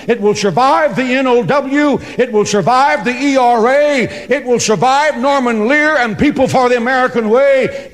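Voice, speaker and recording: A pastor giving an emphatic, dramatic sermon to a congregation, mixing scripture with joking asides. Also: male voice, very high-pitched. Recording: long reverb of a large hall.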